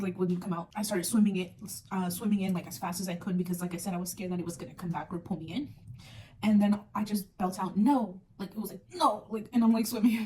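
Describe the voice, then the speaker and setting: A woman's voice: medium pitch, dark tone. Chatty young woman telling a story. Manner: chatty, filler-heavy, acts out moments. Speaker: vlogger. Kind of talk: casual storytime chat. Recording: distant mic with faint noise.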